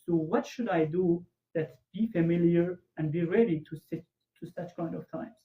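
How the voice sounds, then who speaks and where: Male interview host; halting and word-searching; thin phone-like line in an echoey room. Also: a little high. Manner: halting, searching for words, many restarts. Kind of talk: casual interview chat.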